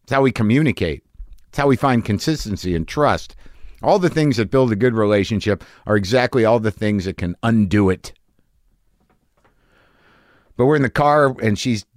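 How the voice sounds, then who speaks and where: A man in his late forties with a lowish voice spins a rambling, self-mocking story as a podcast host. His delivery is animated and full of asides. The recording is close and dry. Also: normal speed, no room sound. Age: late 40s. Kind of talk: comic monologue and interview. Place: home studio.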